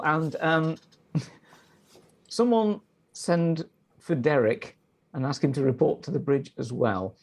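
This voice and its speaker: A man playing a starship commander in a tabletop game, giving brisk, commanding orders. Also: fairly high pitch. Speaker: player. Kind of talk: in-character tabletop role-play.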